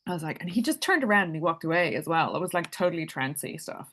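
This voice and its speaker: A woman's voice: on the low side, big pitch swings, fast talker, fairly bright tone. A woman telling a personal story in a casual, chatty way, laughing often and leaning on "like". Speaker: spiritual speaker.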